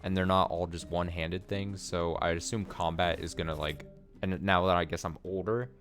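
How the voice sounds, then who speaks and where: Deep-voiced young male game streamer. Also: steady tone, normal speed, over music. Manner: chatty and wondering aloud. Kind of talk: casual gameplay commentary, reading text aloud.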